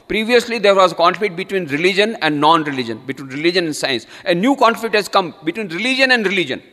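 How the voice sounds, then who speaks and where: A man with an Indian English accent delivers a spiritual lecture as a monk, his voice pitched high. He tells stories and acts out each speaker with building emphasis. The sound carries the long reverb of a large hall. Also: a bit bright. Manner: storytelling, acting out quoted speakers with rising emphasis.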